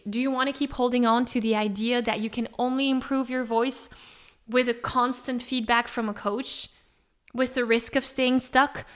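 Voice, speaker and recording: A woman vocal coach giving a podcast lesson to singers, lively and acting out a singer's thoughts aloud. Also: fairly high pitch. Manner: animated, acts out a singer thinking aloud. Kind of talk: podcast teaching monologue.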